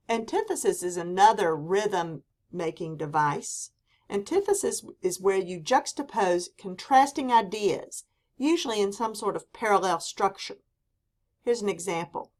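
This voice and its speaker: Slow-paced woman teaching a lesson. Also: mid-range voice, lively intonation, darkish tone. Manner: slow, deliberate delivery with quoted examples read for emphasis. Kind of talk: classroom lecture.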